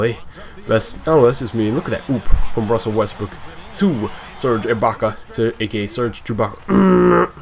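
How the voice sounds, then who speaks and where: A young man from Scotland with a hybrid British-African accent, rambling through casual commentary over a basketball video game. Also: mid-range voice. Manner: rambling, chatty, self-deprecating. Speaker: gaming YouTuber.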